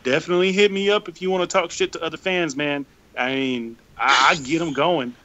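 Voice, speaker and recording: A man's voice: a little high, steady tone, fairly quick, pushed and bright, lo-fi sound. Brash trash-talking sports fan man. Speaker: guest fan channel host. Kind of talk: casual sports talk stream.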